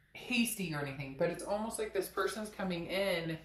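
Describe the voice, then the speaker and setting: A woman giving a casual tarot reading, frank and animated, sometimes swearing and acting out what people might say. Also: echoey room. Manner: animated, frank, swears, acts out quoted lines in a high voice. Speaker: tarot reader.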